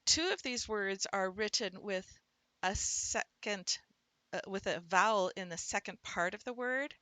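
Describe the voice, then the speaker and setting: A woman teaching reading, explaining words step by step and sounding them out slowly as she thinks aloud. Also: medium pitch, pushed and bright, no room sound. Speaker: literacy instructor.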